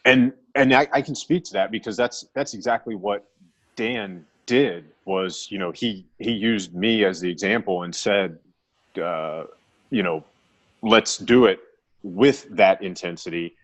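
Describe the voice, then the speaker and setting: A man speaking as a guest in a casual conversation, telling his experience in a relaxed way full of "you know" and "like". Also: on the low side, a little slow, dry recording. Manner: relaxed, filler-heavy storytelling.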